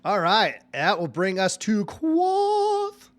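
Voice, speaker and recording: A man's voice: sits high, wildly swooping pitch, slow pace. A man running a tabletop game as dungeon master, narrating animatedly with many fillers.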